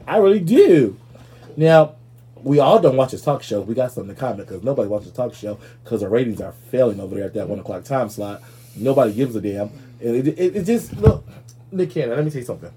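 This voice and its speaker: The host of a sassy comedy commentary show speaks in a husky, dark, mid-range voice. Ranting brashly and with plenty of profanity, he spills gossip in an opinionated, rolling manner.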